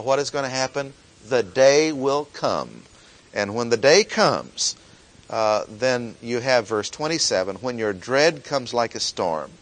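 A male preacher delivering a Sunday sermon, his pitch rising and falling widely as he leans into each quoted verse. He slows and lifts his voice to plead, then drops back to plain explanation. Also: rough recording.

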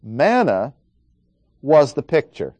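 A man's voice: medium pitch, very animated, takes it slowly, darkish tone, no echo. A man preaching an expository Bible lesson, working through numbered points and reading scripture aloud.

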